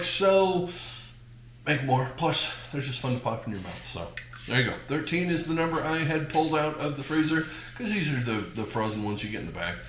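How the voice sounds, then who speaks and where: A man's voice: fairly high pitch, fairly bright tone, reverberant, a little hiss or hum. A man hosting a casual cooking demonstration, chatty and jokey with rambling asides. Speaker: cooking channel host.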